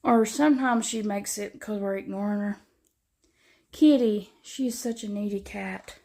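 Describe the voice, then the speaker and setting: A woman's voice: medium pitch, fairly even intonation, moderate pace, vocal fry, a little mellow. A woman in her thirties with a Southern US accent, chatting in a rambling, homey way while filming a vlog at home. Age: 30s. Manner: rambling, chatty, says "y'all". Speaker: vlogger. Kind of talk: casual chat.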